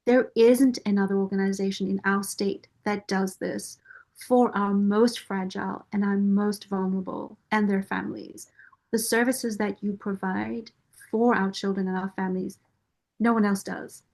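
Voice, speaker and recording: A woman at an ordinary, mid-range pitch speaks in a heartfelt interview testimonial. Her delivery is earnest and measured, with deliberate pauses between phrases as she chooses her words. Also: steady tone, gravelly, a little mellow. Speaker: nonprofit board member and parent caregiver.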